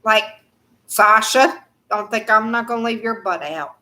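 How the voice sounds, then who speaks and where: Woman, live chat host, higher voice, rambling, laughs a lot. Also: unhurried, sharp tone. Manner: chatty, laughs often, trails off with fillers.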